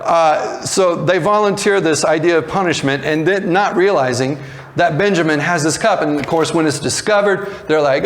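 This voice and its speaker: A man's voice: on the high side, normal speed. Male pastor retelling a story conversationally. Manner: storytelling with acted voices for characters; conversational with frequent restarts and fillers. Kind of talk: sermon.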